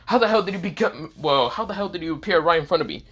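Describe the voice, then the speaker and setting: Arrogant fallen angel, taunting, bright tense voice, played by a man. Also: on the high side, expressive, quick pace, breathy edge, highs cut off, pitched above the performer's own voice. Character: arrogant male fallen angel, enemy fighter.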